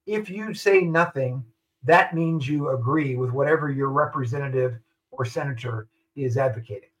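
A man's voice: medium pitch, normal speed, fairly bright tone, rough recording. An older man, a retired army general, speaking as a guest in a radio interview, making his points firmly and repeating them for stress.

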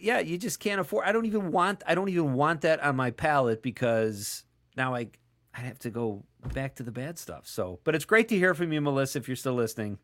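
A man's voice: a little high, expressive, fairly quick, fairly bright tone. A man hosting a casual call-in radio show, chatting and joking as he reads listener texts aloud.

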